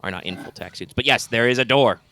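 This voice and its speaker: A man's voice: mid-range voice, fast, sharp tone. A man narrating a tabletop game as game master, describing scenes loosely with lots of fillers.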